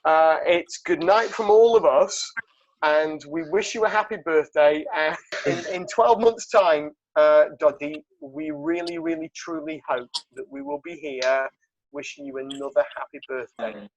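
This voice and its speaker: A man's voice: on the high side, measured pace, no room sound, dull audio. A man with a slightly raised voice signs off his podcast in a loose, rambling way. He talks with lots of fillers. The sound is close and dry. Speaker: podcast host. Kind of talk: casual sign-off.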